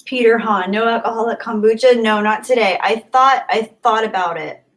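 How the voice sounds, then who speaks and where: A woman's voice: fairly high pitch, moderate pace, a bit bright. A woman streamer chatting casually with her viewers, reading their comments aloud, rambling and giggling often. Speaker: live streamer.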